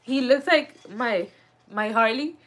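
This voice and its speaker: Chatty high-voiced woman streaming live. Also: takes it slowly. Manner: chatty and emotional, laughs often, talks to viewers directly. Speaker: vlog host. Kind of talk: casual live-stream chat.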